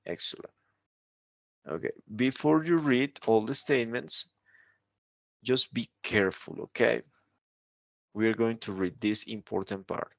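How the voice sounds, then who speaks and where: A man's voice: mid-range voice, a little slow, vocal fry, pauses often, no room sound. A man teaching an English grammar lesson, explaining step by step and often checking in with the listener. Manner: explanatory, keeps checking with "right?".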